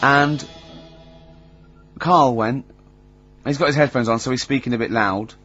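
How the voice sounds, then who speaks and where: A man's voice: medium pitch, unhurried, bright, forceful tone, dull audio, faint music behind. A man hosting a radio show, telling rambling anecdotes full of ums and restarts. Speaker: radio host. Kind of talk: casual radio banter.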